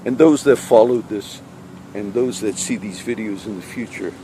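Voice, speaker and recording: A man's voice: lowish voice, moderate pace, warm tone, poor audio. A man vlogging in a rambling, chatty way, often losing his train of thought. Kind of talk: rambling casual monologue. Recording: outdoor wind and traffic noise.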